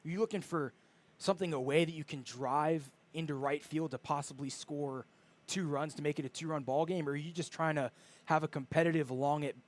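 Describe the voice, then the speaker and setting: A man's voice: fairly high pitch, fairly even intonation, a little fast. A man giving chatty, analytical color commentary on a live baseball game.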